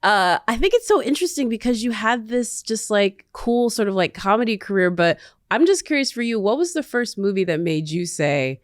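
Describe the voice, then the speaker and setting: A woman's voice: a little high, big pitch swings, no room sound, clean studio sound. A woman hosting an interview in a bubbly, chatty way. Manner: bubbly, chatty, quick to laugh. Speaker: interview host. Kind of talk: casual interview talk.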